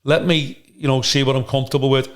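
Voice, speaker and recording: A man with a gravelly voice, talking bluntly and with plenty of swearing as he co-hosts a casual podcast chat and tells animated stories. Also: mid-range voice, fast talker. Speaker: podcast co-host.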